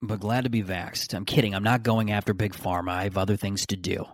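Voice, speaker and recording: A man's voice: lowish voice, level tone, a little fast, no room sound, clean studio sound. Rambling self-mocking guy. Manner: rambling, self-mocking, frequent restarts and laughs. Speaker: podcast host. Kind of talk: casual solo monologue.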